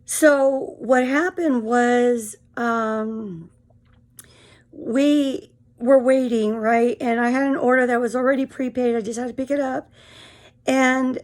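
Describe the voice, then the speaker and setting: A woman in her fifties tells a personal story in a frank, rambling way, full of fillers. She sounds tired, and her voice sits a little high for a woman. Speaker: vlogger. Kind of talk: casual storytelling monologue.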